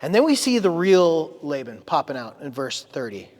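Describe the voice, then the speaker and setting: A man's voice: a little high, very animated, moderate pace, hardly any pauses, a little mellow, long reverb tail. A male pastor preaching a sermon in a conversational way, reading scripture aloud with dramatic emphasis. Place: church sanctuary.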